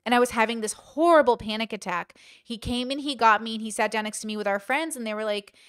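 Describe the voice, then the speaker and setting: A woman's voice: a little high, fast talker, fairly bright tone, clear, resonant tone, dry recording, clean studio sound. A woman hosting a commentary channel, telling a personal story candidly in casual talk and acting out quoted lines.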